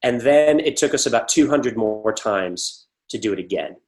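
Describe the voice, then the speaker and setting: A man being interviewed about his acting work, talking casually and rambling into lively stories with acted-out quotes. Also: medium pitch, normal speed. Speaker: actor guest.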